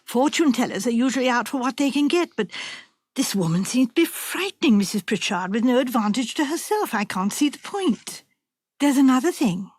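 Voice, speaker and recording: A woman reader voicing a shrewd, practical nurse in a storybook reading, brisk and matter-of-fact. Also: high-pitched, expressive, slightly rough, dry recording, clean studio sound.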